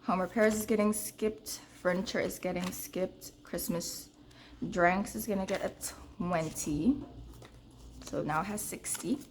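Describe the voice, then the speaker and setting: A young woman vlogging about budgeting, telling a story to her viewers in an animated, casual way. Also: measured pace, a little hiss or hum. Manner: counts cash in a low murmur.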